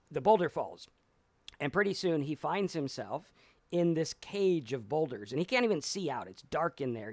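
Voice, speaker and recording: A man's voice: medium pitch, no echo. Rambling storytelling man, dry close mic. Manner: rambling storyteller, acts out voices. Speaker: podcast co-host. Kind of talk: casual live-stream talk.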